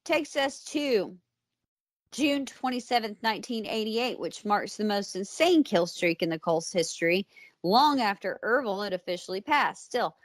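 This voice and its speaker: An American woman co-hosts a true-crime podcast, recounting events in a casual, blunt, conversational voice. She speaks at a middle pitch. The recording is close and dry, with no room sound. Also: expressive, moderate pace, no echo. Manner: conversational, blunt, with fillers and asides. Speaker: podcast co-host.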